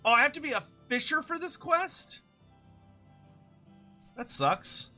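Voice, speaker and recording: A man's voice: very high voice, expressive, slow, pushed and bright, faint music behind. A man streaming a game, chatting casually and rambling with fillers. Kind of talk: casual gameplay commentary.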